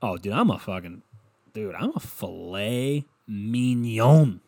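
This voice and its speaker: A man's voice: fairly low pitch, big pitch swings, slow, gravelly, darkish tone, dry recording. A young man hosting a solo comedy podcast, rambling and swearing and laughing at his own jokes. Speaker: podcast host.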